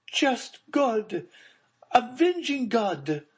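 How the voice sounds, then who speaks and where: A man voicing a distraught aristocratic mother in an audiobook, pitching his voice up high and pleading in anguish. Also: big pitch swings, drawn-out words, breathy edge, exaggerated voice. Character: distraught noble mother, grieving baroness.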